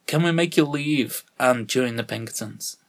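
A man's voice: mid-range voice, moderate pace. Guy co-hosting a chatty podcast, jokey and teasing, lots of puns. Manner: teasing, joking banter with puns. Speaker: podcast co-host. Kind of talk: casual podcast chat.

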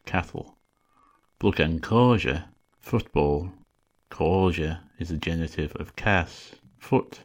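A man hosting a language podcast, calmly explaining grammar and slowing down to pronounce example words. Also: low-pitched. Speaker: podcast host teaching a language. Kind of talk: scripted language lesson.

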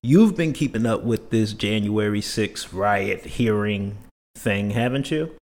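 A man's voice: on the low side, animated, a little slow, a little mellow. A man co-hosting a casual chat podcast, laid-back and slangy, steering the conversation between topics. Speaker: podcast co-host.

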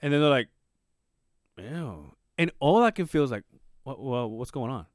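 A Spanish-first-language man co-hosts a podcast, speaking at medium pitch and normal speed with clean studio sound and no echo. He tells a work story in casual conversation, animated and profane, performing quotes as his voice jumps up.

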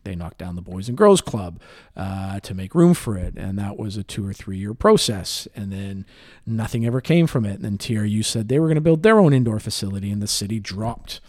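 A man's voice: lowish voice, lively intonation, a little fast, darkish tone. A man co-hosting a casual youth soccer podcast, talking in a rambling way with many restarts. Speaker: podcast co-host, youth soccer club staff.

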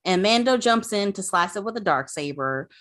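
A woman's voice: mid-range voice, animated, moderate pace, a bit bright. A woman casually recapping an episode, chatty and full of fillers. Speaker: podcast host recapping an episode.

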